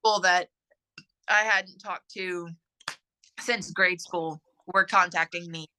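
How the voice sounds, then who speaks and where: A woman answering interview questions about her missing brother, hesitant and halting with many fillers. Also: on the low side, fairly even intonation, bright, forceful tone, slight background noise, poor audio. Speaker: interviewee, sibling of a missing man. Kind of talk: recorded interview.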